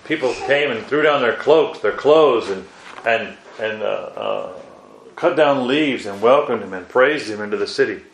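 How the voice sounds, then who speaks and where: A man's voice: medium pitch, echoey room, a little hiss or hum, low-quality recording. A man preaching a Bible sermon, asking his listeners rhetorical questions and exclaiming "wow" between points.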